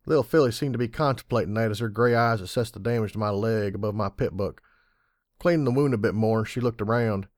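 A man reading fan fiction aloud in an audiobook style, measured and wry. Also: fairly low pitch, no echo, studio quality. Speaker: audiobook reader.

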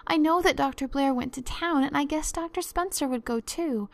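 Scared, pleading young girl, high and loud, dry close sound, voiced by a woman reader. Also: moderate pace, creaky, no room sound. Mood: tearful. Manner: pleading, anxious. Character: frightened young girl, breathless and tearful.

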